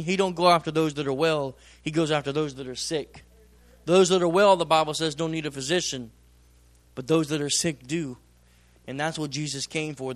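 A man preaching a sermon in a plain-spoken, folksy way, swinging from loud emphatic bursts to slow drawn-out phrases. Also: fairly high pitch. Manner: folksy, plain-spoken, tells personal stories. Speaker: pastor.

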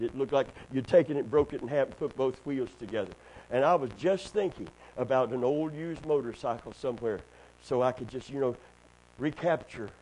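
A middle-aged man, preaching a sermon with call-and-response to the congregation and building to loud, fervent delivery. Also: mid-range voice, poor audio. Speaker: pastor.

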